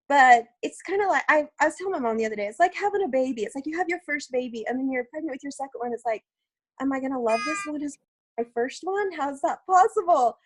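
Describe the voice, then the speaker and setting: A slightly high-voiced woman chats casually in a group call. She sounds a bit self-conscious, yet she keeps talking freely. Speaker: coach sharing takeaways. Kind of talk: casual group video chat.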